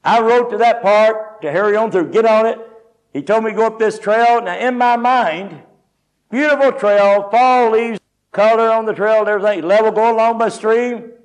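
A man preaching, telling a folksy, animated personal story with quoted speech. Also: high-pitched, normal speed. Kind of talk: sermon testimony storytelling.

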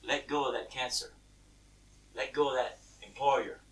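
Brief: God, a deep, calm, hushed male voice, done by a preacher, slightly off-mic. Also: a little slow, natural voice. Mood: solemn. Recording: distant mic.

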